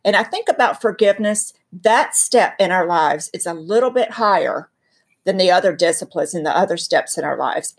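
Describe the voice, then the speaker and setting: A guest speaker from North Carolina with a Southern accent teaches earnestly about faith in conversation, emphatic, story-driven and preacherly. Her voice is on the low side, gravelly and husky.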